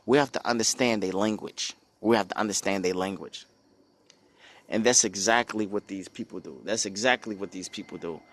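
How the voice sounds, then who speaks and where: A man's voice: fairly low pitch, moderate pace, fairly bright tone. A man from the United States giving an impassioned spoken commentary, emphatic and repetitive, often putting rhetorical questions to his listeners. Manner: emphatic, repeats phrases, asks rhetorical questions. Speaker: speaker on a religious channel.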